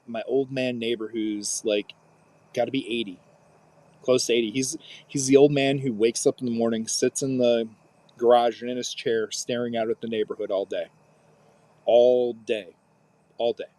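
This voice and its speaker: A podcast co-host in his thirties tells a story during casual chat, animatedly acting out what people said. His voice is medium-pitched at a normal speed, with no room sound.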